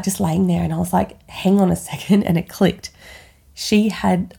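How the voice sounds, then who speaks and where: A woman's voice: lowish voice, creaky, warm tone, husky. A woman podcast host candidly telling a personal story in casual chat, swearing freely and filling with "like". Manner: candid, swears freely, chatty with many likes.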